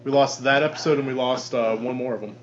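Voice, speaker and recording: A man narrating as game master for a tabletop game, describing monsters in a halting way with frequent restarts. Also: mid-range voice, fairly even intonation, a little hiss or hum. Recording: dull lo-fi podcast audio.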